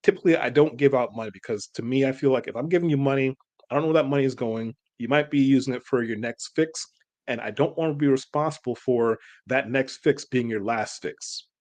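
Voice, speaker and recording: A man's voice: mid-range voice, fairly quick, darkish tone. Earnest, rambling man. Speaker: co-host. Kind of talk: casual reaction chat.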